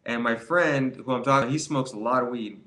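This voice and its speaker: A young man talks straight to the camera in a loose, rambling monologue. He restarts sentences, repeats himself and slips into other people's voices as he tells the story. His pitch sits in the middle for a man. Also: moderate pace, sharp tone. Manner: rambling, repeats words, acts out quoted voices. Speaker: vlogger giving quit-weed advice.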